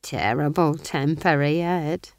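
A woman voicing a cheerful, homely older witch with a folksy, drawn-out way of talking. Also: sits low, dry recording, clean studio sound.

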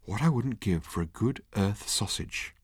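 A man's voice: lowish voice, lively intonation, measured pace, slightly rough, no room sound, clean studio sound, full character voice. A man voicing a bewildered, listless man who speaks hesitantly. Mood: wistful. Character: Arthur, bewildered listless Englishman.

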